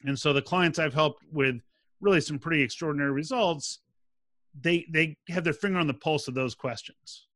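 Male sales expert in an interview, bright and slightly high, animated. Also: normal speed, no echo. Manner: animated, acts out quoted dialogue. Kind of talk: interview answers, explaining.

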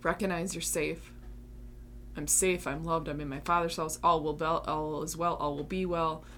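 A woman's voice: deep voice, fairly even intonation, moderate pace, fairly bright tone, a little hiss or hum. A woman hosting a Christian talk show, speaking earnestly and emphatically, then praying over her listeners. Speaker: Christian podcast host. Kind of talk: faith-based talk and prayer.

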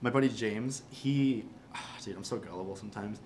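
Excitable young man telling stories. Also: lowish voice, a little fast, a little hiss or hum. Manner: excitable storyteller acting out quoted dialogue. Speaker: podcast co-host. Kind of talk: casual chat.

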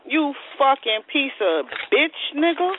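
A woman's voice: sits high, very animated, measured pace, a little hiss or hum. A woman ranting furiously in online voice chat, hurling repetitive profane insults. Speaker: voice chat participant. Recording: tinny phone-like voice chat audio.

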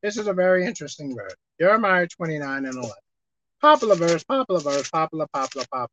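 A woman preaching a sermon, emphatic, swinging between loud exhortation and quiet asides, slowing down to read scripture. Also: deep voice, sing-song, dull audio, slight background noise.

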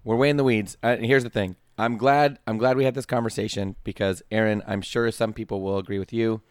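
Man, podcast co-host; low voice, good-humored, defensive; dry close sound. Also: fairly even intonation, fairly quick, clear, resonant tone, dry recording. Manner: good-humored, laughing, defends his picks. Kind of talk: casual chat.

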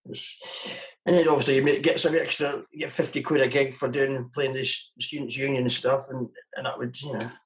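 Man, musician guest, casual interview, rambling with restarts, mid pitch. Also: level tone, fairly quick, poor audio. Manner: rambling, many restarts and "you know".

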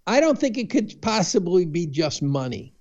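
A man who is a chemistry professor, speaking as a podcast guest in a thoughtful, halting way with frequent restarts. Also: high voice, sing-song, a little mellow. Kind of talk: interview conversation. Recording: dull lo-fi remote audio.

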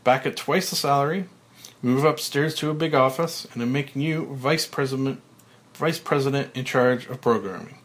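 A man voicing a frantic middle-aged male TV executive, reading a screenplay aloud, his voice pitched high, loud and panicky. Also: normal speed, close to an everyday voice. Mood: giddy. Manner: high, loud and panicky, then giddy and manic.

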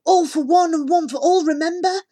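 A woman's voice: very high-pitched, a little fast, warm tone, pitched above the performer's own voice. A woman reading the part of a stubborn, loyal young boy who insists fiercely on coming along, in an audiobook. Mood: insistent.

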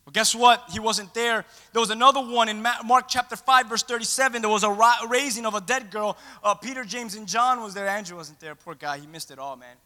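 Male pastor, high and bright voice, playful storyteller, echoey hall. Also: a little fast, hardly any pauses. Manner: playful, animated storyteller acting out scenes. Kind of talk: sermon.

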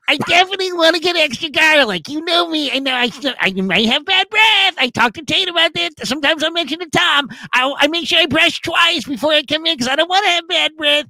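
A man putting on a high, sing-song, cooing fan voice in a comedy call-in bit. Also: sharp tone, dry recording, full character voice.

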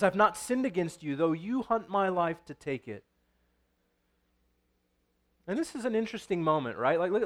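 A man preaching, reading scripture aloud and then explaining it in a conversational way, often checking in with "right?". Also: high voice. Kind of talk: sermon.

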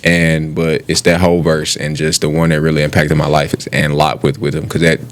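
A man, a podcast guest, talking about faith in a soft-spoken, hesitant way. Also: a bass voice, monotone, brisk. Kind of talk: casual faith chat.

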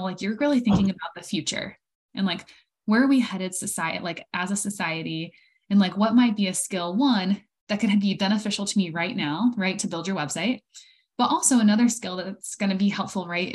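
A woman hosting as a life coach, encouraging and upbeat, often saying "like" and "right". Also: mid-range voice. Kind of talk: interview.

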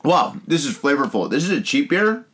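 A man's voice: a little high, moderate pace, slightly rough. A man hosting a casual drinking podcast, joking and laughing often as he talks. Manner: laughs often, jokey and excitable. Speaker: podcast host.

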